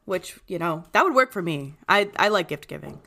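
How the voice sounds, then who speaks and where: A woman's voice: lowish voice, animated, fairly quick, gravelly, bright, forceful tone. A young woman co-hosting a podcast, chatting casually, laughing often and retelling scenes. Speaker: podcast co-host. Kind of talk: casual chat.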